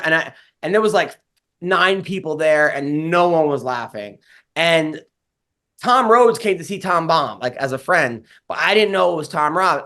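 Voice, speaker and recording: Man, comedian podcast host, slightly high-pitched, rambling, filler-heavy, swears a lot. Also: bright, forceful tone. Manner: rambling storyteller, lots of "like" fillers, swears often. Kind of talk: casual podcast chat.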